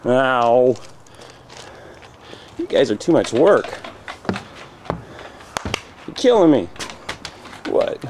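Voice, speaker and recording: A man's voice: medium pitch, very animated, extremely slow, pauses often. A man filming his dogs in his backyard on a handheld camcorder, teasing them and egging them on in casual home-video chatter. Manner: playful, eggs the dogs on with teasing shouts. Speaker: dog owner filming his pets. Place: backyard outdoors. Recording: noisy home camcorder audio. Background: dogs playing.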